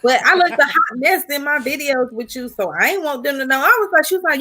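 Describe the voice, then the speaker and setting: Femme à la voix vive et aiguë. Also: female voice, high-pitched, fast, few pauses. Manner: animated storyteller, mimics family voices. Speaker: guest YouTuber. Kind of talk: casual livestream interview.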